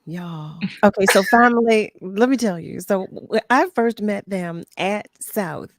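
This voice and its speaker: A woman's voice: mid-range voice, a little slow, dry recording, studio quality. A woman hosting a live talk show, interviewing guests and greeting viewers by name in an effusive, chatty way. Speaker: host. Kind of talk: casual interview chat.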